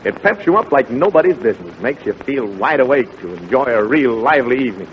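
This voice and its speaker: Brisk old-time radio announcer, fast and hissy. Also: male voice, mid-range voice, sing-song. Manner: brisk, hearty announcer delivery that rushes through a story. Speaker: radio announcer and straight man. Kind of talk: 1940s radio comedy and ad reading. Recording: muffled old radio broadcast with hiss.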